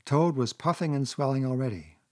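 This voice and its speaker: A man narrating a classic children's story aloud in a steady reading voice. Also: medium pitch, fairly quick.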